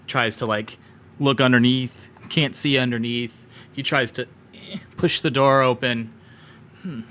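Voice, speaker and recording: A man's voice: mid-range voice, steady tone, measured pace, a bit bright, clear, resonant tone. Man running a tabletop game, rambling. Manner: loose, rambling with many fillers. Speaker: game master.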